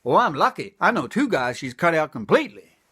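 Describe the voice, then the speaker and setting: A man's voice: fairly high pitch, big pitch swings, a little fast, pushed and bright, husky. An older man doing stand-up comedy, delivering one-liners in a folksy old-timer patter and repeating his punchlines.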